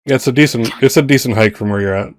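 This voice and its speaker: A man's voice: mid-range voice, quick pace, no echo, studio quality. A man narrating as game master in a tabletop role-playing game, laughing often.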